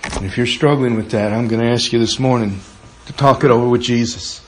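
Earnest pastor in a very echoey room. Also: male voice, mid-range voice, fairly quick, slight background noise. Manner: earnest, pleading, softening to a hush in prayer. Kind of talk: sermon and closing prayer. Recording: very echoey room with faint ambience.

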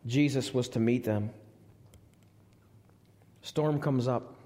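A male pastor preaching a live sermon in a church, swinging from loud, high appeals to hushed, low lines. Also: slow pace. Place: church sanctuary. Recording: long reverb of a church hall.

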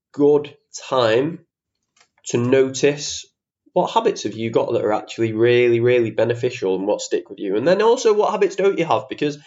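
A man's voice: medium pitch, a little mellow. A young man hosting his own podcast, talking in a chatty, ranting way, swearing casually and poking fun at himself. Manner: chatty, ranty, swears casually, self-mocking. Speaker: podcast host. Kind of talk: casual solo podcast monologue. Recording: slightly dull lo-fi podcast audio.

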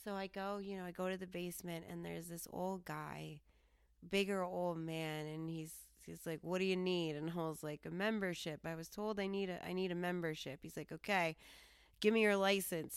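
A woman with a low, smooth voice tells a story in a loose, chatty way, laughing and putting on the people she quotes. The sound is dry and close, with no room around it. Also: moderate pace, dry recording. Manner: animated, laughing, quoting herself and others. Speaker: podcast host. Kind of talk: casual storytelling monologue.

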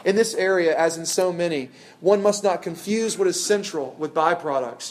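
A man's voice: fairly high pitch, animated, moderate pace, few pauses. A young adult man preaching a sermon in an earnest way, rising to emphatic peaks on key phrases.

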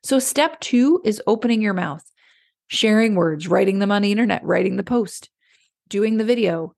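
A woman coach talks in a relaxed, conversational way, as if chatting with a friend. Her voice carries a noticeable gravelly fry. She keeps slipping into little acted-out inner voices to make her point. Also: mid-range voice, moderate pace. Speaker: clarity coach. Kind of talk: casual motivational talk.

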